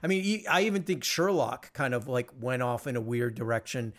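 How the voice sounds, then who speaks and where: A man hosting a podcast, chatting casually in an animated, rambling way with lots of fillers and restarts. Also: medium pitch, fairly quick. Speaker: podcast host. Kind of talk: casual chat.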